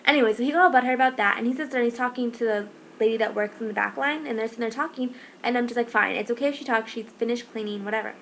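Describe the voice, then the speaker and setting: Young woman ranting fast on her vlog, lots of "like", bit of background hiss. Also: on the high side, creaky, fairly bright tone, poor audio. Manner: fast, rambling, exasperated retelling with many "like"s. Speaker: shift manager. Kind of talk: casual vlog storytelling.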